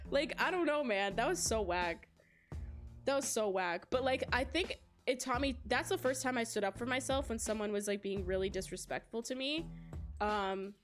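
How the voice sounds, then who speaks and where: A young adult woman streaming, chatting casually with her viewers and telling a story with lots of laughter. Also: sits high. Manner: animated storytelling, laughs often, addresses chat.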